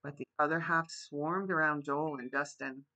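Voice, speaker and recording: A man reading a chapter book aloud as a gentle bedtime story. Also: a little high, fairly even intonation, moderate pace, poor audio. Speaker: storybook reader. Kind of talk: reading a children's novel aloud.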